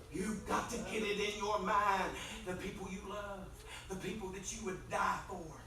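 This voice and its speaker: A man preaching an impassioned revival sermon in a church, swinging between soft pleading and loud shouting. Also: sits high, fairly even intonation, moderate pace, few pauses, noisy background. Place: church sanctuary. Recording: very echoey church from far off mic.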